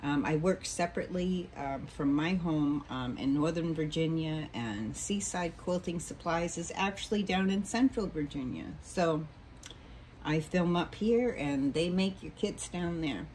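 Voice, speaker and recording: A woman's voice: sits low, a little slow, darkish tone, slight background noise, low-quality recording. A woman hosting a casual home sewing tutorial, chatty and rambling with many ums and self-corrections, recorded on a camera mic in her sewing room.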